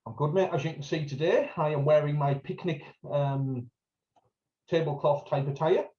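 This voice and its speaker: A man's voice: fairly high pitch, normal speed, highs cut off. A man with a North East English accent, co-hosting a podcast and telling jokey stories. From North East England. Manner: storytelling, jokey, acts out greetings in a raised voice. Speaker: podcast co-host. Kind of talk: casual chat.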